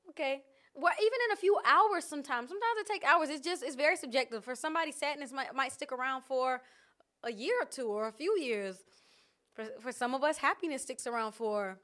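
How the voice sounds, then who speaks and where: A woman vlogger talking candidly and casually about her feelings, animated and laughing often. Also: high-pitched. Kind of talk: casual reflective chat. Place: outdoors in nature.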